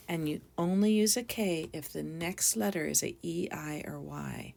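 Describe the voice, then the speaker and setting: A woman teaching a phonics spelling lesson to young children, sounding out each letter slowly and deliberately. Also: low voice, creaky, darkish tone.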